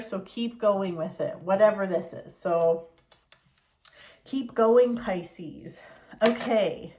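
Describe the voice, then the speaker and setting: A woman giving a casual tarot reading, chatty and expressive as she talks through the cards. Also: fairly high pitch. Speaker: tarot reader.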